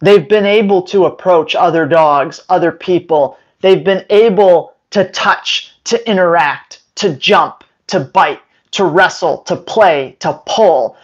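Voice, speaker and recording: A man's voice: high voice, muffled recording. A man giving dog training advice straight to his viewers in an emphatic way, now and then acting out owners and dogs. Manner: emphatic, acts out owners and dogs in quick voices. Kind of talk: direct-to-camera training advice.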